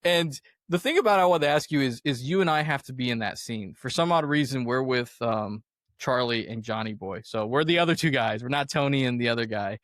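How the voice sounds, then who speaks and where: A man's voice: mid-range voice, fairly quick, a bit bright, dry recording, clean studio sound. A young adult man hosting a podcast, chatting casually and animatedly about a movie, often laughing as he retells scenes. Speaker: podcast host. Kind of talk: casual movie review chat.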